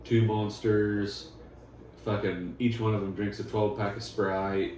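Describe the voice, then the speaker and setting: A man's voice: fairly low pitch, flat delivery, a little slow, a little mellow. A man telling stories and making plans in a profane, laughing casual chat with friends. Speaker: father chatting with friends. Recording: echoey room, far from mic, noisy.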